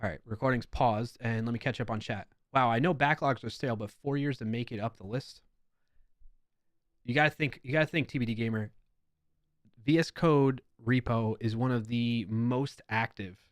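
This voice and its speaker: A man with a New York accent hosts a live stream in a relaxed, chatty way, reading comments with playful emphasis. His voice sits mid-range, recorded close and dry with no room sound. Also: mid-range voice, moderate pace, dry recording.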